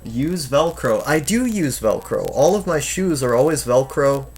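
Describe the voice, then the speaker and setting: A man's voice: medium pitch, sing-song, moderate pace, creaky, darkish tone, husky. A man in his twenties chatting casually on a live stream from home, reading chat aloud and rambling with lots of fillers and restarts. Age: 20s.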